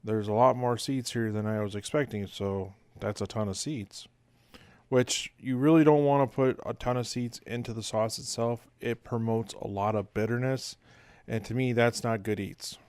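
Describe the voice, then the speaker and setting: A man's voice: medium pitch, fairly even intonation, moderate pace, a little mellow, smooth, no echo. A middle-aged man casually talking through a home cooking video in a rambling, folksy way, recorded as a voice-over. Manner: rambling, folksy, with many uh fillers. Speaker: home cook.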